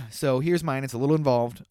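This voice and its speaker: A man's voice: medium pitch, animated, moderate pace, warm tone, no echo, clean studio sound. A man in his thirties from Minnesota hosting a podcast, chatty and playful with easy laughs. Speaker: podcast host. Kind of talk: casual chat.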